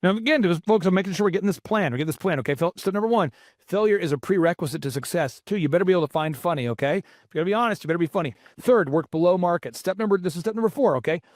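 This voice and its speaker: A man's voice: sits high, racing, darkish tone, dry recording, studio quality. A man hosting a business podcast as a coach, talking emphatically, repeating key points and listing steps. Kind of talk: motivational podcast talk.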